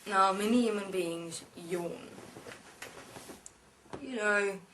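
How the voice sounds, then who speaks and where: A woman lectures in a slow, deliberate way, pausing and restarting as she instructs. Her pitch sits in a middle range. The mic is some distance from her, which gives the voice a distant sound. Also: pushed and bright, slight background noise. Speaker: speaker channeling a spirit being. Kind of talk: spiritual lecture.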